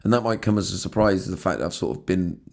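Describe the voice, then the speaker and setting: A man's voice: low voice, quick pace, gravelly. A man hosting his own podcast, talking earnestly and emotionally, often stumbling and restarting his words, with casual swearing. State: emotional, has been crying. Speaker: podcast host. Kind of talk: emotional solo podcast monologue.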